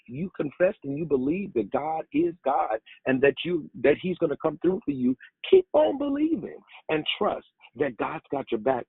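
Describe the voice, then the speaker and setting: A man preaching a sermon and telling a personal story, animated, with his pitch leaping up for emphasis, recorded on a phone. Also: gravelly, breathy edge, no room sound, narrow, tinny audio.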